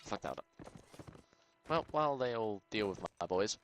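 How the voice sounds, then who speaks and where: A man giving casual commentary on his game, excitable, muttering to himself and swearing. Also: fairly low pitch, moderate pace, background noise. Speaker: gaming channel host.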